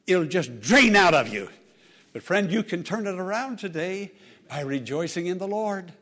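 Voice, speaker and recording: A man's voice: fairly high pitch, animated, moderate pace, fairly bright tone. A man preaching a sermon as pastor, fervent and exhorting, repeating phrases with dramatic swings in delivery.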